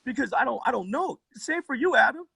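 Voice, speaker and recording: Swearing nonstop and rambling, a man in a heated livestream argument talks into his phone, looping back through his story. His fairly high voice is rough and gravelly with a breathy edge, expressive, brisk, pushed and bright. The recording is close and dry.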